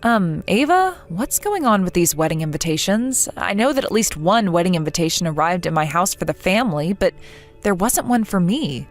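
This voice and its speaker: A woman's voice: lowish voice, very animated, moderate pace, faint music behind. A woman voicing a young woman in a text-message story who is betrayed by her friend, earnest, bewildered and hurt. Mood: confused.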